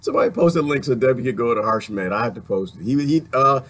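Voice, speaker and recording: Husky, rambling, animated man. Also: medium pitch, fast. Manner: rambling, laughing, animated rants. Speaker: political commentator. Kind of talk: casual spoken monologue.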